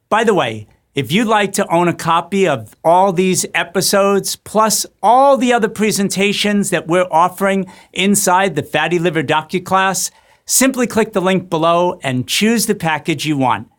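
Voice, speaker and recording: A man hosting, thanking his guest and closing the episode with a scripted promotional pitch. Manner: polite, scripted promotional delivery. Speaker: host. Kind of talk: interview wrap-up and promo.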